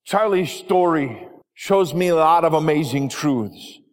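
A man preaching, telling a gentle story to his congregation, voice dropping quiet at tender moments. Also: a little high, animated, a little slow. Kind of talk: sermon story narration. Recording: long hall reverb.

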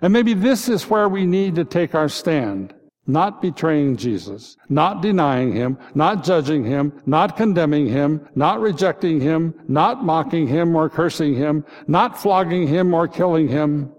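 A man's voice: on the high side, lively intonation, measured pace, darkish tone. A man preaching a Good Friday sermon as a pastor, reflective and posing repeated rhetorical questions. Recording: long reverb.

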